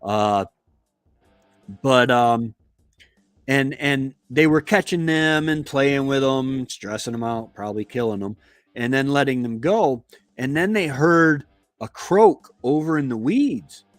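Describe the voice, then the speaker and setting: A man from Florida who hosts a homestead live stream, telling a casual story in a meandering, halting way. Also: medium pitch, no echo, soft background music. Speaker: homestead channel host.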